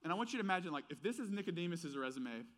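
A man with a faint Southern accent preaching a casual, conversational sermon, telling stories in an animated way with many fillers. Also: a little high, rapid-fire.

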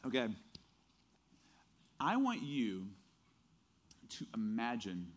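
Male preacher with a fairly high voice, talking casually, from hushed prayer to lively storytelling. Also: normal speed. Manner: shifts between hushed prayer and animated storytelling; conversational, with fillers and acted quotes. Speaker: pastor. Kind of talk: sermon.

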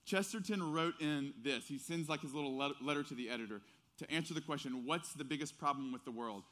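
Earnest pastor with a drawl. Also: male voice, fairly high pitch, fairly quick. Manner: swings from hushed to loud, earnest storytelling. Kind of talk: sermon.

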